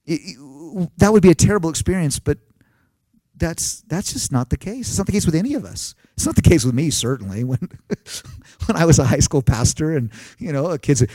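A man in his thirties, a pastor preaching a lively sermon full of stories and quoted dialogue. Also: fairly high pitch, moderate pace, husky, no room sound. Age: 30s. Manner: animated storytelling with laughs and acted quotes. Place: live talk at a family camp.

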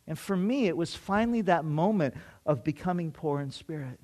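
A middle-aged man preaching a sermon, telling a personal story in an animated way and acting out his own past thoughts with self-mocking humor. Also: on the high side, a little fast, hardly any pauses. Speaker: pastor.

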